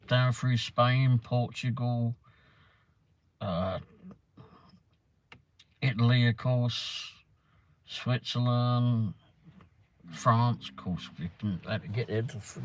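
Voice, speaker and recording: Driving around town in his car, an Englishman hosts a casual livestream, rambling from topic to topic and reading out live comments, answering viewers by name in a loose, easygoing way. His pitch is ordinary mid-range, and the recording is rough.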